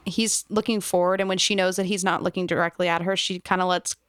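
A woman's voice: lowish voice, fairly even intonation, fast, a bit bright, clean tone, no echo, studio quality. A woman co-hosting a podcast, chatting playfully and enthusiastically about a TV episode. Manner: enthusiastic, playful, lots of "yeah". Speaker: podcast co-host. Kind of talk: casual TV recap chat.

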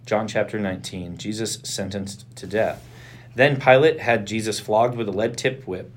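A man co-hosting a podcast, reading a Bible passage aloud in turns with a measured delivery. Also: lowish voice, steady tone. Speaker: podcast co-host reading scripture.

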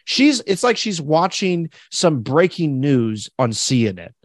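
A man co-hosting a podcast, telling a story in a casual, animated way and laughing as he goes. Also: a little high, unhurried, dry recording, clean studio sound. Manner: animated, laughs through his stories, acts out the people in them. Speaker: podcast co-host.

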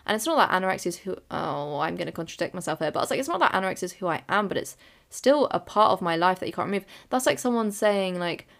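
A woman's voice: on the low side, lively intonation, quick pace, gravelly. A young woman hosting her own podcast, talking through her thoughts in a candid, rambling way with lots of fillers and self-corrections. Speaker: podcast host. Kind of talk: reflective solo podcast monologue.

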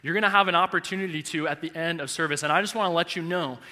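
A male pastor in his thirties preaching a sermon in a large church, telling a personal story with animated, heartfelt delivery. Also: a little high, very fast. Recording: echoey church hall reverb.

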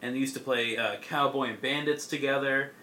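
Young guy rambling thru a plot recap, lots of "like" and um, bright voice. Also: mid-range voice, steady tone, brisk, slight background noise. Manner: rambling, filler-heavy, laughs often. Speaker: podcast co-host. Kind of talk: casual chat, recapping a comic.

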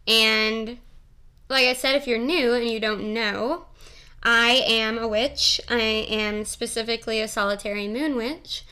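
A woman's voice: on the high side, bright, forceful tone, clear, resonant tone. A young woman hosting a solo podcast, chatting casually in a rambling, giggly, profane and playful way. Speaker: podcast host.

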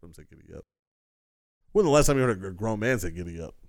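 Man, co-host, laid-back, joking, animated pitch, casual chat. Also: fast. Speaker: podcast co-host. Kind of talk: casual banter.

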